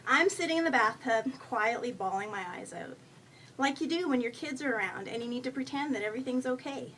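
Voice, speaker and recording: High, bright-voiced woman reading her story. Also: lively intonation, normal speed. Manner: wry, self-mocking storytelling. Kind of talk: live reading of first-person humorous prose. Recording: faint noise, voice a bit far from the mic.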